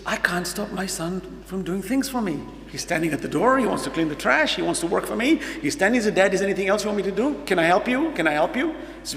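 A Muslim man from the United States tells a story during a sermon in a gravelly, high-sitting voice. He is an earnest storyteller who acts out dialogue and asks the audience questions. The recording comes from an echoey hall with a faint hum.

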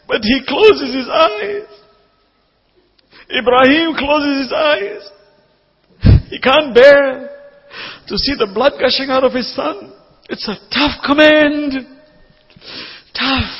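A man preaching an impassioned sermon, slowing down and rising to shouts at its peaks, with a husky voice. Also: very high voice. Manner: impassioned, slows and rises to shouts at climaxes. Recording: dull, echoey hall recording.

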